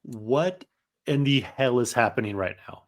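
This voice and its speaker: A man's voice: mid-range voice, measured pace. Emphatic man arguing about wrestling. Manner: emphatic, profane, opinionated. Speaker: podcast co-host. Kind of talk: casual chat.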